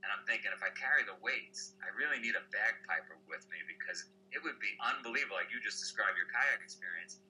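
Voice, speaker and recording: A man's voice: fairly low pitch, lively intonation, quick pace, hardly any pauses, sharp tone, slight background noise, low-quality recording. A man speaking as a podcast guest, telling stories with energy and asking rhetorical questions. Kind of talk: casual chat.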